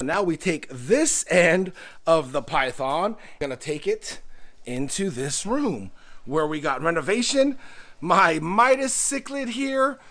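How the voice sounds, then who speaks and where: A man with a Hawaiian accent giving an upbeat, chatty home aquarium vlog walkthrough, joking with viewers. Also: fairly high pitch. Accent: Hawaiian English. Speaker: aquarium hobby vlogger. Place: home indoors.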